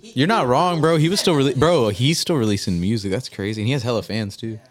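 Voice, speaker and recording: Slangy, joking man in mid pitch. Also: quick pace. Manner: joking, slangy, says "bro" and "dog". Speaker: podcast co-host. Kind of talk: casual chat.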